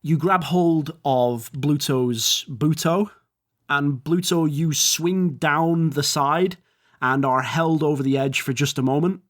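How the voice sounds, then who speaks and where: A man's voice: fairly high pitch, slow pace. A man narrating as game master, rambling and descriptive with fillers.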